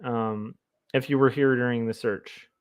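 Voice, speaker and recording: A man's voice: mid-range voice, steady tone, a little slow, smooth, lo-fi sound. A man, a comic artist, chatting casually on a livestream in a rambling, self-amused way. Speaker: comic artist streaming his work.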